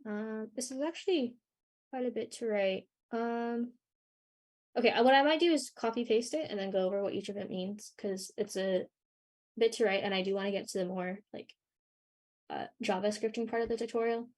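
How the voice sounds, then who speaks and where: A young woman leading a live coding workshop, talking through her screen with many ums and pauses, her voice a little worn. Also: fairly high pitch, darkish tone. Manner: hesitant, many ums and sort ofs. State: losing her voice a bit. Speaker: workshop instructor.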